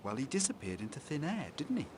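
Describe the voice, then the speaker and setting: A man's voice: on the high side, sing-song, fast, a little hiss or hum. An actor voicing a superstitious local man with folksy, rustic grammar, spinning a ghost tale. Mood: storytelling. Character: superstitious local man, a hotel worker telling ghost tales. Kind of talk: video game voice acting.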